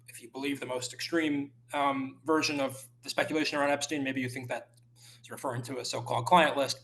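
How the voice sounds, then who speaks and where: Male journalist guest, mid-pitched, hesitant, many restarts. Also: a bit bright. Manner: halting, many restarts and fillers. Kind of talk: podcast interview answers. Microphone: remote call.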